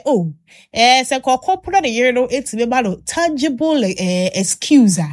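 A woman host telling a long story in casual chat, animated, with many fillers and restarts. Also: a little high, moderate pace.

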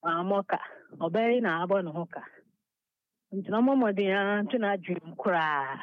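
A man's voice: sits high, unhurried, no echo, highs cut off. A Ghanaian man calling a radio show, rambling on at length and repeating his words. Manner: long rambling talk mixing Twi with Pidgin, repeating words. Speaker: caller. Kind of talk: call-in radio chat.

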